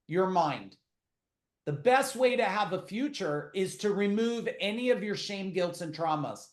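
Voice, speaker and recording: A middle-aged man, a podcast guest, tells blunt, profane stories in casual interview talk, full of quick asides. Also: high voice, roomy sound.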